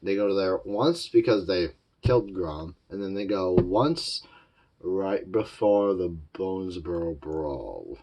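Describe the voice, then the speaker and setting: A man's voice: deep voice, expressive, slow pace, dull audio, noisy background. A man giving a casual, rambling spoken review of a cartoon series, looping back on his points with loose fillers. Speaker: show reviewer.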